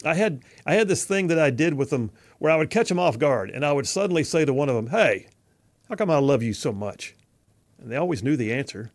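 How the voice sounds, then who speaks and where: A man's voice: fairly high pitch, expressive, fast, few pauses. A middle-aged man hosting his show with an opinion monologue, folksy and emphatic, full of rhetorical questions. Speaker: radio host.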